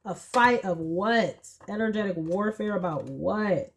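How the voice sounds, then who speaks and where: A young woman giving a casual pick-a-card tarot reading, chatty and animated, with slangy asides. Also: medium pitch, a little slow, creaky. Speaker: tarot reader.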